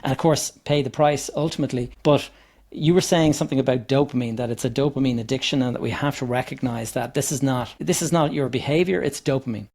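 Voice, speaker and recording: Male podcast host, reflective, short follow-up questions, mid-pitched voice. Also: steady tone, quick pace, vocal fry, darkish tone. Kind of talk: conversational podcast interview.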